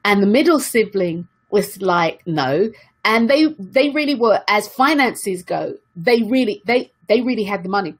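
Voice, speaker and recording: A woman's voice: mid-range voice, lively intonation, normal speed, hardly any pauses. A woman giving an earnest motivational talk to her viewers, repeating key questions for emphasis. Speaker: self-help speaker.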